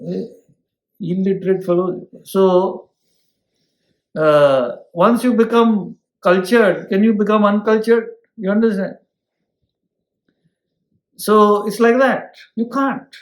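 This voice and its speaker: The room's noticeable echo surrounds this man's slightly high voice as he teaches an ancient scripture without hurrying. He illustrates ideas with homely examples and often turns to listeners with "hmm?"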